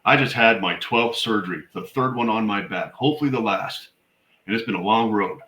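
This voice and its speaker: A man's voice: on the low side, brisk, pushed and bright, reverberant, poor audio. A middle-aged man, a military veteran and suicide prevention educator, telling stories in a blunt, emphatic way as an interview guest. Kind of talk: conversational podcast interview.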